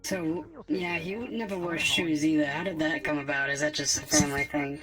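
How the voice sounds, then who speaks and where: A woman's voice: low-pitched, lively intonation, normal speed, vocal fry, a bit bright, faint music behind, full character voice, poor audio. A woman playing a curious, matter-of-fact cybernetic woman who asks plain questions. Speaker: roleplay character. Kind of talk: in-character roleplay chat.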